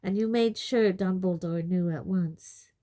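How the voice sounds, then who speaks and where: A mild, thoughtful man who reasons quietly, as a woman narrator voices him. His speech is slow and measured with a warm, mellow tone. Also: fairly low pitch, natural voice. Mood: calm.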